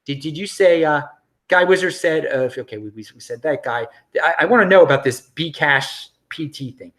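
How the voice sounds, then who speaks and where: A middle-aged American man hosting a casual livestream, reading viewer comments in an animated, chatty way with frequent laughs and restarts. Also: a little high, normal speed. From United States. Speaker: crypto livestream host.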